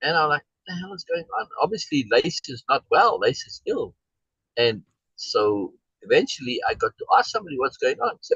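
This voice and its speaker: A man with a husky, slightly breathy voice tells a personal story to a discussion group, his pitch rising and falling with animated emphasis. He rambles, restarts his sentences and keeps checking in with "right?". The sound is dry and a bit muffled. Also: a little fast, dry recording. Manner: rambling, with many restarts and tag questions like "right?"; acts out quoted exchanges in a raised voice.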